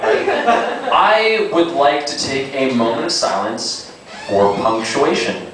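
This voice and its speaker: A young man doing a stand-up set, rambling and halting with lots of fillers and self-aware asides. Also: a little high, expressive. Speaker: stand-up comic. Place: small comedy club. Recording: echoey club, distant mic, audible noise.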